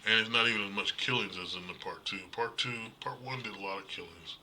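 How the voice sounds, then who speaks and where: Deep-voiced man ranting casually. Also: fast talker, bright, forceful tone, slight background noise. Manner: rambling, swears, laughs often, talks to viewers. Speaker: streamer host. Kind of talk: casual rambling commentary.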